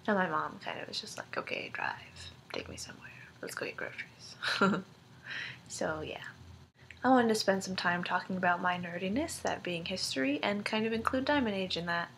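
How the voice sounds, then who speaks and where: Young woman, casual vlog chat, rambling, filler-heavy, giggly, medium pitch. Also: creaky, fairly bright tone, a little hiss or hum. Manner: rambling, with many ums and likes; giggles between thoughts. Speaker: vlogger. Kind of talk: casual video-letter chat to friends.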